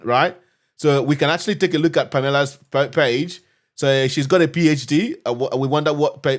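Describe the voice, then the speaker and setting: A man hosting a live screen-share tutorial on cybersecurity, chatty and upbeat, talking straight to his viewers. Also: mid-range voice. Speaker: cybersecurity instructor hosting a live learning session.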